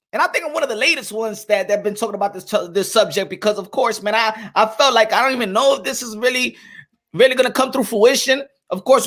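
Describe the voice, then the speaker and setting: Male boxing vlog host, high bright voice, loud hype energy, bilingual shout-outs. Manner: energetic, shouting out viewers, mixes Spanish phrases. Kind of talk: hyped-up vlog commentary.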